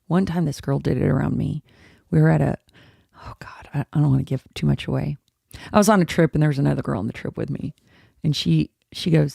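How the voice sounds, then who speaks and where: A woman's voice: sits low, fairly quick, creaky, darkish tone, no room sound, clean studio sound. A woman hosting a casual livestream movie review, chatty, blunt and often profane. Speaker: horror show host.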